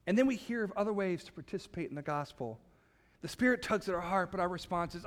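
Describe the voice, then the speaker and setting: A man preaching a sermon as a pastor, emphatic, with dramatic pauses. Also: high voice, lively intonation, in a large hall.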